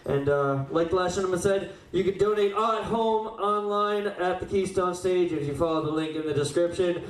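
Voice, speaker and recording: A man's voice: sits high, normal speed. A man hosting an open mic night, upbeat and rallying the crowd between acts. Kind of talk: emcee crowd hype. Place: small live venue. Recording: echoey room, distant mic, faint noise.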